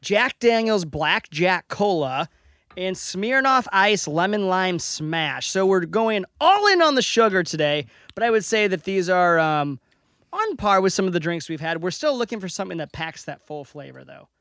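A man with a St. co-hosting a casual talk show. His voice sits high and bright, close and dry with no room sound. He chats loosely and keeps breaking into laughter. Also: very animated, moderate pace, clear, resonant tone, no room sound. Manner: laughs often, reads out viewer comments. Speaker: podcast co-host. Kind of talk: casual chat.

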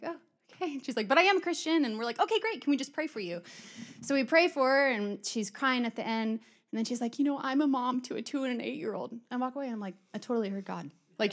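A middle-aged woman giving a conversational sermon, chatty and storytelling, acting out quoted exchanges. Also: fairly high pitch. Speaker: church speaker.

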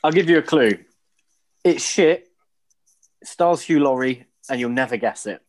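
A man quizzing his friends in loose, sweary banter. His voice sits at an ordinary middle pitch and he keeps the tone jokey. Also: lively intonation, measured pace. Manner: teasing, swears freely. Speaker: quiz host among friends. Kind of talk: casual banter.

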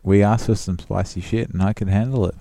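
A man's voice: on the low side, steady tone, brisk, creaky, warm tone, dry recording. A man joking and bragging on a band's commentary track, swearing often, recorded in a shed. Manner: jokey, self-promoting, sweary. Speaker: band member on commentary track. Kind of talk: casual chat. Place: backyard shed.

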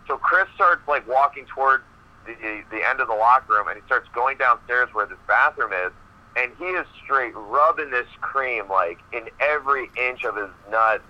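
A male professional wrestler, a guest on an interview podcast, telling a long backstage story in a rambling, animated way with many fillers. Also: medium pitch, moderate pace, lo-fi sound.

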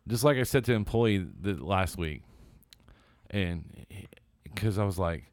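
Male co-host, deep and blunt, profane, dry close-miked sound. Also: lively intonation, unhurried, pauses often, a little mellow, no echo. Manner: blunt, swears freely. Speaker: podcast co-host. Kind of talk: casual profane storytelling.

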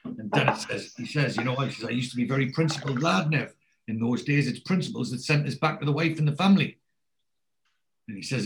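Man, casual podcast chat, storytelling, salty language, middle pitch. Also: rough recording. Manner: animated storyteller, swears freely, acts out quoted lines. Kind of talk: casual chat retelling a TV episode.

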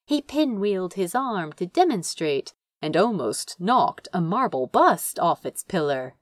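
A woman narrating a story in an unhurried, measured way. Her pitch rises and falls freely as she tells it, and the recording is dry and close with no room sound. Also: very animated, no echo. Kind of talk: audiobook narration.

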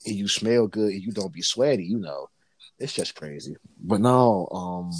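Animated, husky-voiced man telling stories. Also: fairly low pitch, normal speed. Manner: animated, profane, lively storyteller. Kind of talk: casual chat and storytelling.

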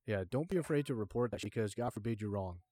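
A man's voice: lowish voice, expressive, fast, dark tone, dry recording, clean studio sound. A man hosting a casual podcast who talks bluntly, swears freely and leans on fillers. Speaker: podcast host.

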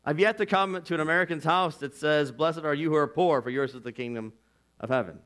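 Male pastor preaching with an earnest, conversational delivery and a fairly high, forceful voice. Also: brisk. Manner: impassioned, swings from loud to hushed; earnest and conversational, with "like" and "you know". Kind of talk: sermon.

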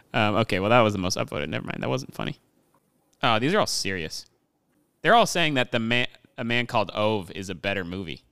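A man's voice: on the low side, fairly quick, gravelly, pauses often, smooth, dry recording. A man co-hosting a movie review podcast, chatting casually, swearing often and laughing as he rants. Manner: swears a lot, laughs often, animated ranting. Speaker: podcast co-host.

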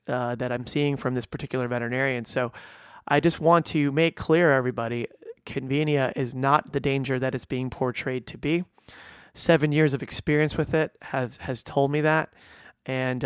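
A middle-aged veterinarian who hosts a podcast talks in a casual, earnest monologue, his mid-range voice stressing points with restarts and fillers. The recording is dry and clean, studio-made.

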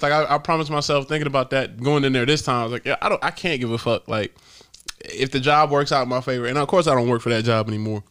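A man's voice: medium pitch, fast talker, a bit bright, smooth. A man hosting a podcast, telling stories casually, laughing often and swearing freely. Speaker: podcast host. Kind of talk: casual storytelling.

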